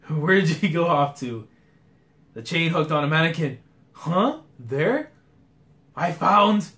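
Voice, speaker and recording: A man's voice: fairly high pitch, sing-song, slow, a bit bright. A young man reading a manga aloud for a live reaction video, breaking off into slangy asides. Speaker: anime and manga reaction youtuber.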